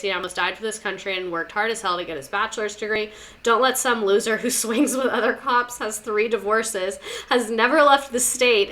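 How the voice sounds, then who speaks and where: A woman's voice: medium pitch, pushed and bright. A young woman hosting a casual chat show, talking in a sarcastic, chatty way and repeating words for comic effect. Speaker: podcast host. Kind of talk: casual chat reading listener stories.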